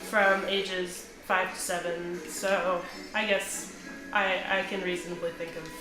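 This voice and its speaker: A young woman from Canada chatting casually while gaming, wry and quick to laugh. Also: lowish voice, flat delivery. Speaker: co-host. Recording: echoey room. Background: game music.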